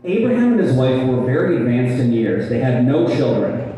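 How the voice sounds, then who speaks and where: A man's voice: medium pitch, expressive, moderate pace, mellow. A man preaching a sermon and reading a story to his congregation, asking them questions and restarting words as he goes. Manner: conversational, asks the congregation questions. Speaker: pastor. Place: church hall. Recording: echoey hall from far off.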